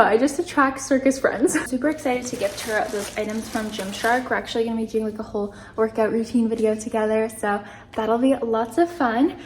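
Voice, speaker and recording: A woman's voice: on the high side, slight background noise. A young woman from British Columbia vlogging casually to camera, tired from lack of sleep, rambling with lots of "like" and restarts. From British Columbia, Canada. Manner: chatty, rambling, frequent "like" and restarts. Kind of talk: casual vlog talk to camera.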